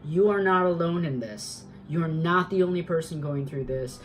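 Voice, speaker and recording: A woman's voice: sits low, normal speed, faint music behind, low-quality recording. A woman giving an earnest, emphatic tarot reading, repeating herself and swearing for emphasis. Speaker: tarot reader. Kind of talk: spoken tarot reading, motivational.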